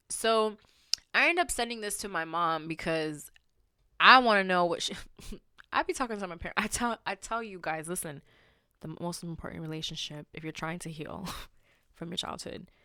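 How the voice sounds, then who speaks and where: A woman's voice: mid-range voice, pushed and bright, clear, resonant tone, no room sound, studio quality. A woman hosting a podcast, telling a story in a casual, rambling way with lots of fillers and flaring into heated indignation. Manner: heated and indignant when riled. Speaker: podcast host.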